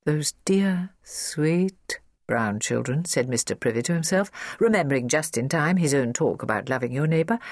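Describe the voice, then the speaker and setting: A woman narrating a children's audiobook in an expressive, storytelling way, recorded in a studio. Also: low voice, breathy edge, no echo.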